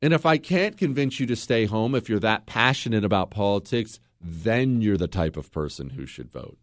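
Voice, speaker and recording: A man's voice: fairly low pitch, lively intonation, normal speed, no room sound, clean studio sound. A male radio talk show host delivering a combative, sarcastic political monologue and reading listener emails. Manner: reads listener emails aloud.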